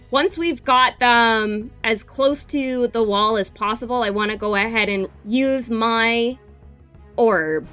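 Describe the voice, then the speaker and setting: Slow, bright-voiced woman player. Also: a little high, clear, resonant tone. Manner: hesitant, searching for words. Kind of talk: tabletop game planning.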